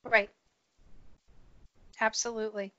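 A woman's voice: on the high side, little pitch movement, slow, a bit bright, no room sound. A woman working in human resources, talking earnestly as a podcast guest and often agreeing. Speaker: HR professional, guest. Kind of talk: conversational podcast interview. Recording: dry muffled lo-fi audio.

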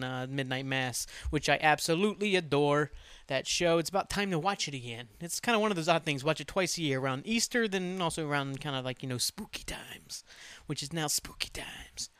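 A man talks through a solo podcast in a loose, rambling way, dropping curses and making jokes at his own expense. His voice is smooth and clear and sits a little high for a man. The sound is dry and close, with no room around it. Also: sharp tone, no room sound. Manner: rambling, profane, self-mocking. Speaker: podcast host. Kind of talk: solo casual podcast chat.

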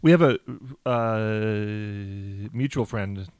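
A man hosting a casual podcast, telling a story in a halting way with many restarts and easy laughter. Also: on the low side, a little mellow, clean tone, no room sound, clean studio sound. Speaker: podcast host.

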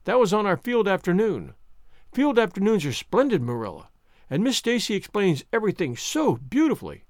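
A man voicing a chatty, dreamy, excitable orphan girl in a storybook reading, speaking in a gushing, romantic way. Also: high voice, normal speed, no echo, clean studio sound. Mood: eager.

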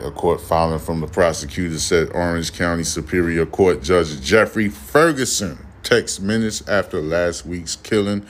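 A man's voice: low voice, a bit bright. A middle-aged man hosting a casual news commentary podcast, rambling, blunt and profane as he lectures his listeners. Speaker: podcast host.

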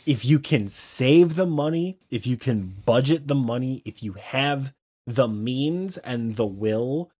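Male co-host, mid-pitch, animated ranting gamer chat. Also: takes it slowly. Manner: animated, ranting, mock-imitates beggars. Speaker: co-host, streamer. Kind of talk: casual gaming podcast chat.

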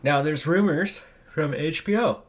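A man co-hosting a podcast in casual chat, passing on news in a wry, deadpan way. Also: on the high side, unhurried. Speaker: podcast co-host.

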